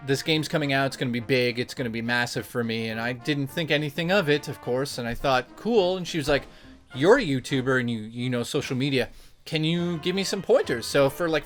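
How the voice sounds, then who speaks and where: A young man, a YouTuber, telling a story to his viewers in an animated, excitable, jokey way. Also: mid-range voice. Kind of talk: casual storytelling vlog.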